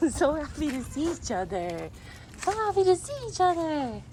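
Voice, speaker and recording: An animal channel host chats upbeat to her viewers in a casual vlog, cooing baby talk at puppies. Her high voice is very animated and unhurried yet dark in tone, with a little hiss or hum in the recording.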